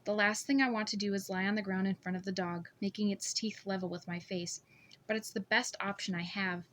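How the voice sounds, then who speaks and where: A woman's voice: medium pitch, fairly even intonation, fairly quick, fairly bright tone. Woman reading a novel aloud. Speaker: audiobook reader. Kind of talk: first-person novel narration.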